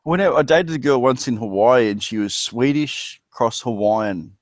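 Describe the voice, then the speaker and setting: A man's voice: medium pitch, normal speed, no room sound. A man with an Australian accent, chatting casually and rambling, with crude jokes. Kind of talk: casual chat.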